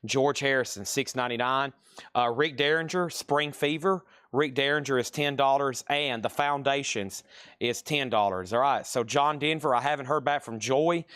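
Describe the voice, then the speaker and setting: Guy rambling through a live record sale, normal pitch, dry close sound. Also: moderate pace, a bit bright, clean tone, dry recording. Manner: chatty, rambling, names items and prices. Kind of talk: casual live-stream selling.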